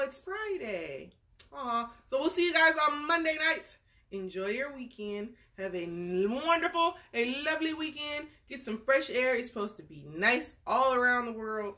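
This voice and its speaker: Speaking in a mid-range voice with a bright, forceful tone, this woman reads a bedtime story to young listeners. She chats with them playfully between lines and slips into playful voices for the story's characters.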